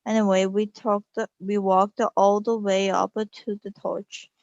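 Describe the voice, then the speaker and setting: A woman whose first language is Korean reads a storybook aloud in a slow, careful way, with small restarts. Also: medium pitch, level tone, darkish tone, dry recording, dull audio. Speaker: reader.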